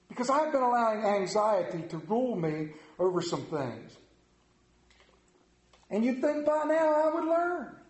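Folksy high-voiced preacher in echoey room. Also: male voice. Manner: folksy, animated storyteller. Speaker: pastor. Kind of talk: storytelling sermon.

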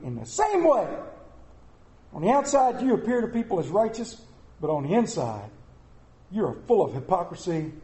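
A middle-aged pastor preaching a sermon in a church, animated and mixing comic asides with scripture. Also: male voice, high-pitched, reverberant. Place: church sanctuary.

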